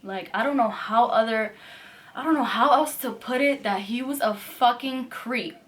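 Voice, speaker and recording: Young woman with a high voice ranting through a storytime vlog, swears a lot, says like every other word. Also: moderate pace. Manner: profane, animated storytelling, heavy use of "like". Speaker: vlogger.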